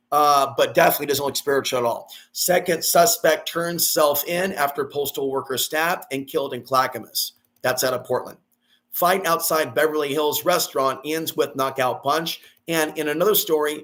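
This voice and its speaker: Profane ranting man, slightly high voice. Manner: aggressive, profane, repeats phrases, often shouts. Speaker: vlogger. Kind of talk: ranting monologue.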